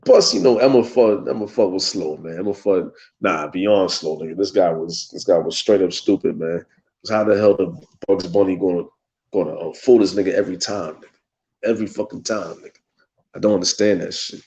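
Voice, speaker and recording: A man's voice: low voice, a little fast, warm tone, lo-fi sound. A young man hosting his own show, chatting loosely and rambling in slangy talk with lots of swearing and frequent laughs. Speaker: show host. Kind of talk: casual solo talk.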